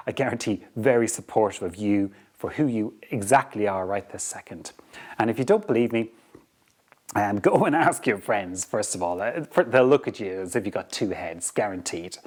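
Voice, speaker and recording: A man hosting a podcast, giving a motivational talk in an animated way, often repeating words as he restarts. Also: lowish voice. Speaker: podcast host.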